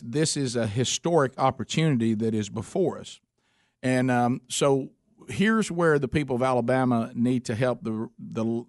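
A man's voice: medium pitch, no room sound, clean studio sound. A man hosting a talk radio show, speaking earnestly with many restarts. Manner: earnest, rambling. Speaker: radio host. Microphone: studio mic.

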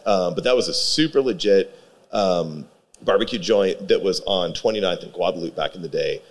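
A man's voice: deep voice, normal speed. A man, a pitmaster guest, chatting casually in an interview with a rambling, filler-heavy delivery. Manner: rambling, many fillers and restarts.

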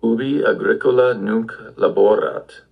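A man's voice: lowish voice, measured pace, vocal fry, narrow, tinny audio. A man giving an audio language lesson, patiently prompting the listener with questions. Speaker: language teacher.

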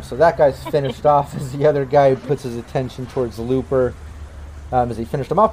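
A man running a tabletop game as game master, narrating the scene in a relaxed, chatty way with plenty of fillers. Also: mid-range voice, a little hiss or hum, low-quality recording.

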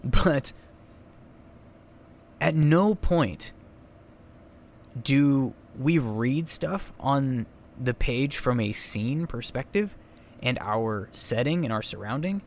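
A man's voice: mid-range voice, expressive, takes it slowly, long pauses, a little hiss or hum. Rambling, chatty man podcasting solo. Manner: chatty, rambling, self-correcting asides. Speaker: podcast host. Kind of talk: casual solo podcast commentary.

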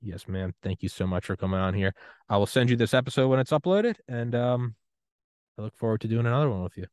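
A man from the United States hosting a podcast interview, talking in a casual, animated way that swings into loud outbursts. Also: mid-range voice, quick pace, dry recording, studio quality. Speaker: podcast host.

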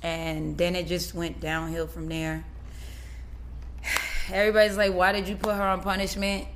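A woman's voice: fairly low pitch, normal speed, background noise. A woman, a guest on a chat show, telling a story in casual talk and acting out what people said. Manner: animated storytelling with quoted dialogue.

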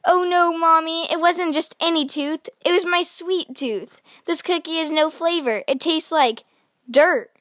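A woman's voice: extremely high pitch, measured pace, fairly bright tone, dry recording, clean studio sound, voice pushed up. A woman voicing a dramatic, demanding little girl who exclaims and whines. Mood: dismayed. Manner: exclamatory, whiny.

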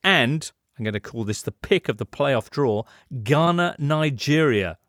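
A man hosting a sports show, brisk and chatty as he runs through results and brings in guests. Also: mid-range voice, expressive, a bit bright, no echo, studio quality. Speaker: host. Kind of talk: sports radio presenting.

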